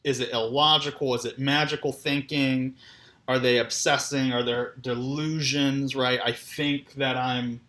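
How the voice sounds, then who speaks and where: A man's voice: medium pitch, little pitch movement, a little slow, sharp tone. A man giving a conversational lecture on clinical assessment, often checking in with "right?". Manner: conversational, keeps asking "right?". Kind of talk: recorded lecture.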